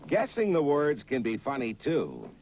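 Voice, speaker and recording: Lively man narrating a film compilation. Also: medium pitch, measured pace, background noise. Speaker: documentary narrator. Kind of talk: scripted narration.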